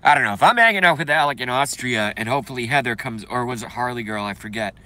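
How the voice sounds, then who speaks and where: A man's voice: mid-range voice, lively intonation, fast, sharp tone, dry recording. A man hosting a casual livestream, reading viewer comments and ranting bluntly with profanity, congested and coughing now and then. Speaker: livestream host.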